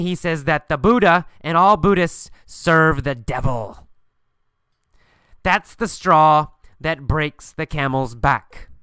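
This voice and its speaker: Guy teaching english thru a story, asks and answers his own questions, kinda high smooth voice. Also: pushed and bright, no echo, clean studio sound.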